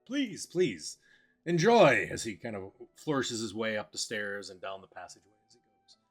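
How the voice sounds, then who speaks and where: Guy running a tabletop game, kinda low voice, lots of ums, music behind. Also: steady tone, brisk, fairly bright tone. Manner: hesitant, with many fillers and restarts. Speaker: game master.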